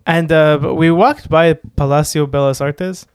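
Chatty guy, kinda high voice, super dry close sound, rambles a lot. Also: fairly even intonation, a little slow, clear, resonant tone, no room sound. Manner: rambling, many fillers and restarts, laughs often. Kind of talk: casual chat.

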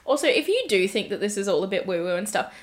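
A woman's voice: medium pitch, very animated, fast talker. A young woman co-hosting a casual chat, mostly listening and chiming in with short agreements. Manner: supportive listener with short backchannels. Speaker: podcast co-host.

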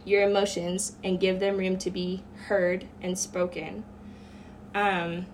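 A woman's voice: medium pitch, level tone, slow, slight background noise. A woman guest on a podcast, earnestly telling a personal story in a casual chat, with many fillers.

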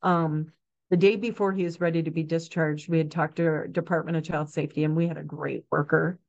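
Frank, lively woman nurse, lo-fi sound. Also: low voice, a little fast, gravelly. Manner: frank, animated, acts out quotes, many fillers. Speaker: neonatal nurse practitioner guest. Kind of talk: casual interview storytelling. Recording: dull lo-fi sound.

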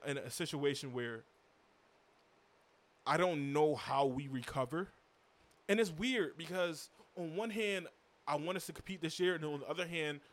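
A young man hosting a solo sports recap, ranting as a frustrated fan with stumbling restarts and repeated rhetorical questions. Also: fairly high pitch. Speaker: sports podcast host.

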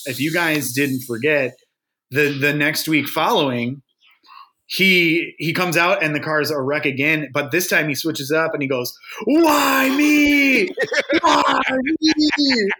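A young man co-hosting a casual podcast chat, telling animated stories and often slipping into quoted voices. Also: fairly high pitch, unhurried. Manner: animated storyteller, quoting others in put-on voices. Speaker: podcast co-host.

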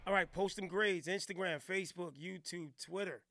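A man's voice: high voice, fairly even intonation, normal speed, hardly any pauses, sharp tone, no room sound, clean studio sound. A man hosting a podcast, playful and teasing in slangy casual chat. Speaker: podcast host.

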